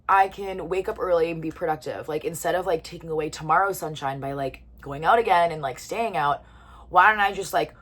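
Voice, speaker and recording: A young woman in her twenties with a fairly low voice tells a story in casual vlog chat. She talks to the camera and fills her sentences with "like". She sometimes stops to eat a bite. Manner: chatty, lots of "like", eating while talking. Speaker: vlogger.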